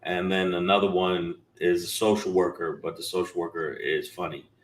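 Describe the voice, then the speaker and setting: A man's voice: sits low, little pitch movement, moderate pace. A man, a comedian guest, talking casually in an interview and joking, sometimes slipping into mock voices.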